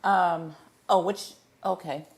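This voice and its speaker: A man's voice: sits high, steady tone, takes it slowly, gravelly. A man chats casually on a livestream Q&A, speaking into a desk microphone. He rambles in a playful, good-humored way, often stumbling and restarting his sentences. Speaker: livestream host.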